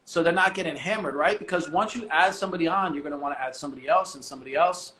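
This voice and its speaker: A man talking as a podcast guest, blunt and animated, swearing casually. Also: fairly high pitch, rapid-fire, reverberant. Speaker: guest, business owner.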